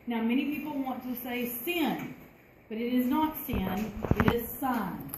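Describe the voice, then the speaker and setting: A female math teacher leads a classroom lesson, speaking conversationally and putting questions to the class in a slightly high voice at a normal pace. The room is echoey with faint background noise.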